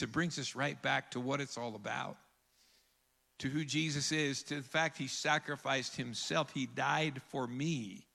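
A man preaching a sermon as pastor, earnest, rising to emphatic peaks and dropping to hushed lines. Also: mid-range voice, creaky, big-room sound. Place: church sanctuary.

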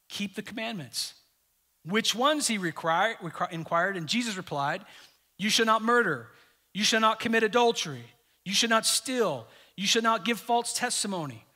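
A man preaching a sermon to his congregation in a conversational, joking way, often dropping suddenly to a soft voice. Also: sits high. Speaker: pastor.

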